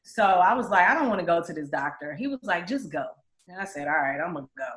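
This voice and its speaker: A woman's voice: lowish voice, fast. A woman tells her own story candidly in an interview, acting out the voices of people she quotes. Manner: candid, animated, acts out other people's voices. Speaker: guest telling her story. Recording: roomy echo.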